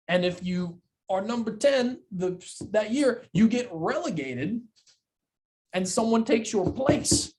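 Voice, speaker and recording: A young man co-hosting a sports podcast in casual chat, animated and incredulous, repeating himself and swearing freely. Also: high voice. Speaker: podcast co-host.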